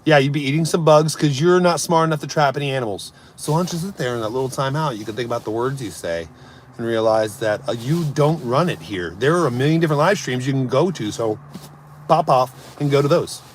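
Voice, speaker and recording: A man's voice: mid-range voice, a little fast, a little hiss or hum. A man live streaming, ranting casually and mocking his chat in a brash, swearing way. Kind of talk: casual comedic rant.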